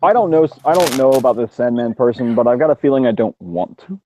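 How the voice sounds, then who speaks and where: A man's voice: medium pitch, expressive, fast, warm tone, a little hiss or hum. A man in casual livestream chat, rambling with fillers and self-mocking asides, on dull lo-fi audio.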